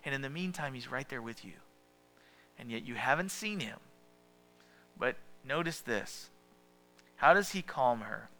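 Bright-voiced male pastor preaching. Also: mid-range voice, animated, measured pace, long pauses, slight background noise. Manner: conversational preaching, asks the listeners questions. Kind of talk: sermon.

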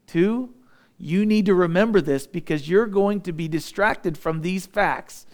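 A man delivers a sermon in a fairly high voice. He preaches with animation, acting out other people's voices and sinking into a low, intense hush to make a point. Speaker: pastor.

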